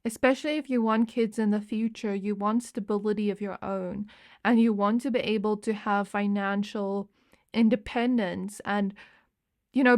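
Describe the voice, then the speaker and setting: A woman's voice: a little high, a little mellow. A young adult woman giving a pick-a-card tarot reading, chatty and meandering, with fillers and restarts. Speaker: tarot reader.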